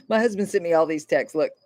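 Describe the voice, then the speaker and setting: A woman's voice: lowish voice, darkish tone, no echo. A woman from Florida hosting a casual livestream, rambling and chatty and swearing freely. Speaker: livestream host.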